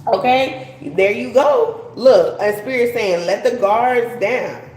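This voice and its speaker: A woman's voice: fairly high pitch, takes it slowly, darkish tone, echoey room, faint music behind, poor audio. A woman giving a casual live tarot reading, chatty and slangy, laughing and swearing as she talks. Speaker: tarot reader.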